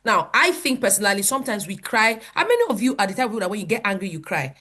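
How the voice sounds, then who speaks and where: Animated Nigerian woman pastor. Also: medium pitch, racing. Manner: animated, laughs often, quotes people in voices. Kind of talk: conversational teaching.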